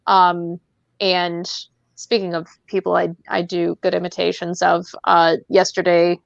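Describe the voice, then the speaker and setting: A woman's voice: fairly low pitch, completely flat delivery, unhurried, creaky, dry recording, dull audio. A woman hosting a casual podcast, rambling along with lots of fillers and frequent laughs. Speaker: podcast host.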